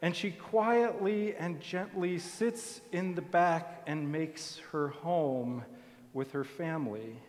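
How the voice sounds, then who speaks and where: Brief: male preacher, high voice, slow storytelling sermon, reverberant sanctuary. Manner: storytelling, soft and deliberate. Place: church sanctuary. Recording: long hall reverb.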